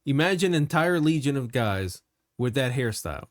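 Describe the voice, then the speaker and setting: A man with a middle-pitched voice co-hosting a podcast and retelling a story with casual swearing. The recording is dry and close. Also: animated, moderate pace, dry recording. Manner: storytelling, laughs often. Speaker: podcast co-host. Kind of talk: casual chat.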